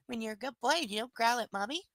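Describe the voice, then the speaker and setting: A woman with a high, bright voice hosts a casual livestream from home. She drifts between cooing baby talk at her dog and dry sarcasm about the book. The sound is close and dry. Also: animated, quick pace, no echo, low-quality recording. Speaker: livestream reader and host.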